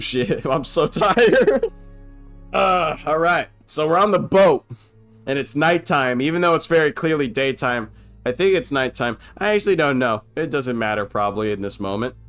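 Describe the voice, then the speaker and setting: A man's voice: mid-range voice, a bit bright. A man casually riffing over an old movie, rambling, joking and swearing as he goes. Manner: rambling, profane, jokey. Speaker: movie commentator. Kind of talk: casual movie riff commentary.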